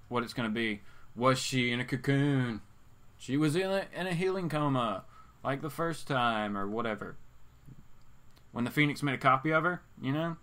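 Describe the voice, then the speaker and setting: A man with a bright, forceful voice hosts a relaxed live stream about comics. He reads viewer comments aloud and answers them in a loose, rambling way, full of fillers and restarts. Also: mid-range voice. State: hiccups. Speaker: host of a comics talk show.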